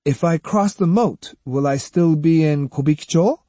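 A man's voice: fairly high pitch, moderate pace, dark tone, no room sound, pitched above the performer's own voice, close to an everyday voice. A man voicing an earnest young boy on an errand in an audiobook, speaking plainly and insistently in a lifted voice. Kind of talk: audiobook character voice.

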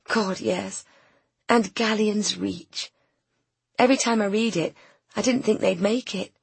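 A woman voicing a pampered, spoiled young woman in an audiobook, breathy and pouty. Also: medium pitch, measured pace, dry recording, voice pushed up, full character voice. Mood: petulant. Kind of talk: audiobook character voice.

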